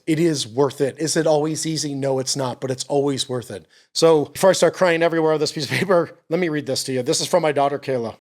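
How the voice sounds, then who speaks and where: A man's voice: fairly high pitch, fast talker, few pauses. A middle-aged man, tearful and choked up, giving an earnest faith testimony on his podcast and repeating himself as he speaks. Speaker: podcast host.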